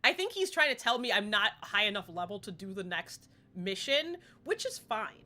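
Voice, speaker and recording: A woman's voice: medium pitch, big pitch swings, normal speed, pushed and bright. A woman chatting casually while streaming a game, rambling and laughing often. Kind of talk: casual live-stream gaming chat.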